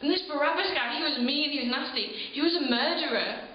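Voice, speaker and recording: A woman plays an earnest townswoman eyewitness who pours out her memory in a high, emotional monologue. Her voice rings around a very echoey room, and the recording sounds dull with a faint hiss underneath. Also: brisk, lightly acted. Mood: alarmed. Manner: earnest, emotional storytelling with breathy laughs and sighs. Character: ordinary townswoman recalling the crucifixion, earnest. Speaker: eyewitness in a church program video. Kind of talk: dramatic first-person monologue.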